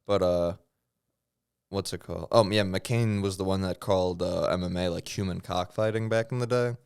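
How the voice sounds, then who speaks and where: A man's voice: low voice, steady tone, normal speed, creaky, a little mellow, clear, resonant tone, dry recording, clean studio sound. A man co-hosting a casual podcast, telling crude stories and acting out quotes. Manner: storytelling, crude jokes, acts out quotes. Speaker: podcast co-host. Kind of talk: casual chat.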